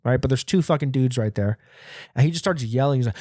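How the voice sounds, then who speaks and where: A man's voice: medium pitch, lively intonation, very fast, darkish tone, dry recording, studio quality. A man hosting a podcast and telling a story in casual speech. He rambles, swears heavily and laughs often. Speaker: podcast host.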